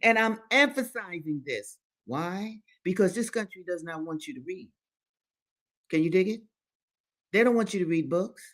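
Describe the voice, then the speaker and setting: A woman's voice: fairly low pitch, animated, moderate pace. A woman hosting a book-reading show, reading aloud and breaking off into passionate commentary that stresses points by repeating phrases. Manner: emphatic, repeats phrases for stress, preacher-like address. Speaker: host reading books aloud.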